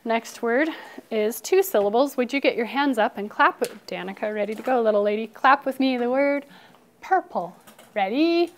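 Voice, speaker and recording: A brisk woman teacher leads young pupils through a phonics drill, her voice sitting a little high. She calls out words, praises the class, and sometimes slips into a quiet whisper for one child. A faint noise hangs behind her in the classroom. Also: lively intonation. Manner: brisk, encouraging, drops to hushed whispers with single pupils.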